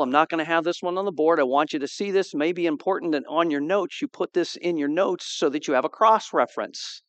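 A male pastor with a fairly high voice delivers an animated sermon, reading scripture and acting out the dialogue. The sound is close and dry, with almost no room echo. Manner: animated, acts out quoted dialogue; asks the congregation for responses.

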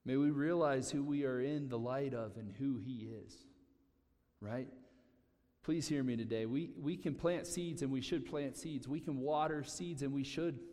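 A man's voice: medium pitch, moderate pace. A man preaching a sermon, talking casually and animatedly, often repeating himself. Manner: conversational, animated preaching with repetitions. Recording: long hall reverb.

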